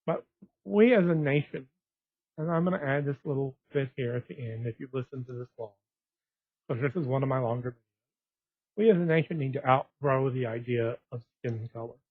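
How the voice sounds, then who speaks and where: A man's voice: mid-range voice, slightly rough, no room sound. A man from West Texas, talking in a rambling, digressive monologue full of restarts. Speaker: blogger. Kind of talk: casual monologue. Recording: tinny phone-like dry sound.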